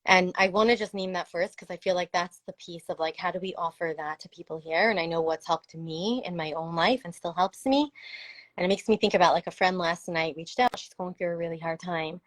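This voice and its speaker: A woman's voice: on the low side, a little fast, no echo, poor audio. A woman talking earnestly and reflectively about supporting parents, in a casual live conversation with many "like" fillers. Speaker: parenting and trauma support speaker.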